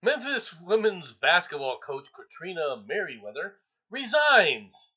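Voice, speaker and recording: A man hosting a casual podcast, reading headlines and commenting in an animated, exclaiming way. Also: high voice, unhurried, husky. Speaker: podcast host. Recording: dull lo-fi sound.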